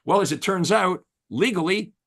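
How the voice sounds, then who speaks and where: A man's voice: high voice, normal speed, fairly bright tone. A man hosting an interview as a real estate coach, talking in an emphatic, enthusiastic coaching tone. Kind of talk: casual interview chat.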